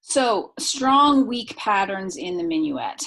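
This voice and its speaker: A woman's voice: medium pitch, sing-song, slow pace, a bit bright. A woman giving a recorded music theory lecture over slides, speaking conversationally with fillers and sometimes singing rhythm syllables.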